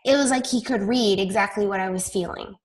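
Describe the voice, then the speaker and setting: A woman's voice: medium pitch, brisk. A woman leading her team call, telling stories in a chatty, self-deprecating way. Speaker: team leader on a coaching call. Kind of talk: casual team call talk.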